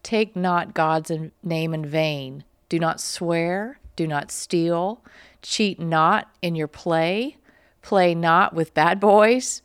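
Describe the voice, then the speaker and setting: A woman co-hosts a talk show, with a lower pitch than most women and a smooth, resonant voice. She reads slowly and with emphasis. The sound is dry and close. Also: dry recording. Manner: slow, emphatic reading of a list. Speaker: co-host. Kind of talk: studio talk show discussion.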